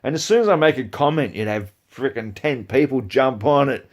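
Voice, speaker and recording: A man's voice: medium pitch, moderate pace. Profane ranting man. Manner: profane, heated, swings between mutters and outbursts. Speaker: video creator. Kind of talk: angry ranting commentary.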